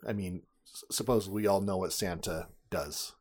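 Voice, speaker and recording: A man's voice: low-pitched, moderate pace. A man co-hosting a casual podcast, summarizing a film plot with wry, sarcastic asides. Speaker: podcast co-host.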